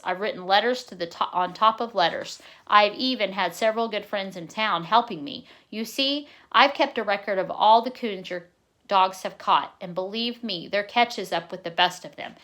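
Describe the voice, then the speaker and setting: A woman reading aloud, giving voice to a kindly old grandfather who coaxes warmly and bursts into excited near-shouts. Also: mid-range voice, close to an everyday voice.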